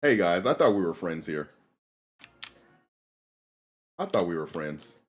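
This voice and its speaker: Gaming on a live stream, a man banters with his viewers in easygoing slang, laughing a lot. His voice sits low and has a sing-song quality, moving a little fast.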